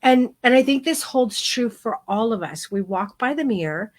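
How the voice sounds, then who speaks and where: A middle-aged woman teaching a live photography class, telling stories in a frank, animated way with casual swearing. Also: on the high side, moderate pace. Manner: frank and animated, with mild profanity.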